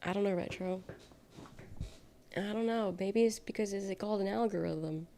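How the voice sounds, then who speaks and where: A young adult woman talks casually on a live stream, reading messages from her chat and answering them bluntly, with the odd curse thrown in. Her voice has a gravelly, fry-edged texture at a middling pitch. The whole delivery feels loose and conversational. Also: normal speed, warm tone. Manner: chatty, reads chat aloud and reacts, blunt and swears freely. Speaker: livestreamer.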